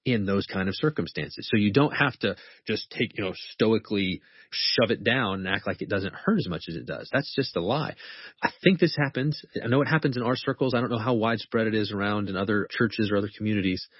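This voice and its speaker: Low husky-voiced man teaching earnestly. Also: dry recording, lo-fi sound. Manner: earnest, quotes scripture slowly and deliberately. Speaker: professor and author, guest. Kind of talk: conversational teaching on faith.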